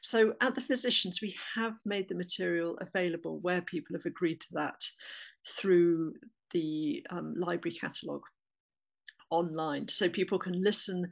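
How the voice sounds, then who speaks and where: A woman's voice: on the low side, moderate pace, creaky, rough recording. A woman with an English accent giving a webinar talk on oral history, conversational with frequent fillers and restarts.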